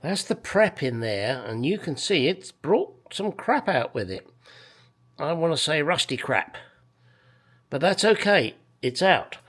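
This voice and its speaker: A man's voice: on the high side, very animated, measured pace, a bit bright, slightly rough. A man chatting casually in his home garage about a car restoration, rambling and making crude jokes. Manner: rambling, crude joking, swears freely. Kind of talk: casual workshop chat.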